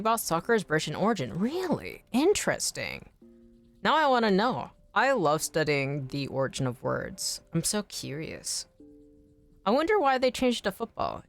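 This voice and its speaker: An American woman chatting casually on a game stream, animated, swearing freely and laughing often. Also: lowish voice, normal speed, faint music behind. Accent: General American. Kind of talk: casual chat while streaming.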